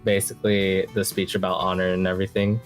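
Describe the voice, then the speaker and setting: A man's voice: low-pitched, monotone, fast, soft background music. A man co-hosting a casual fan discussion, talking in a laid-back, reflective way with some fillers. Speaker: podcast co-host.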